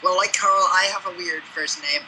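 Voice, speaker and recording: A man's voice: high-pitched, steady tone, moderate pace, pushed and bright, slight background noise, rough recording. A man co-hosting a casual sports podcast, teasing the others with snarky quips. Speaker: podcast co-host.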